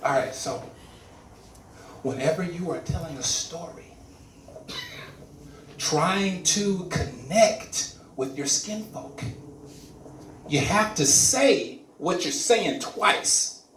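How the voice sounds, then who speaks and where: Male stand-up comic, high bouncy delivery, laughs at his own material, echoey room. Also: slow pace, long pauses, far from the mic, slight background noise. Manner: animated, laughs at his own jokes, repeats words for emphasis. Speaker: stand-up comedian. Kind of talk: stand-up comedy set. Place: comedy club stage.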